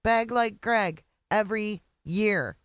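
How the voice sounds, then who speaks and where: A streamer reacts live to a clip with sarcastic, disbelieving asides and breaks off to greet chat by name. The voice sits at a middle pitch and sounds dry and close to the mic. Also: slow pace, a bit bright, clean tone, dry recording.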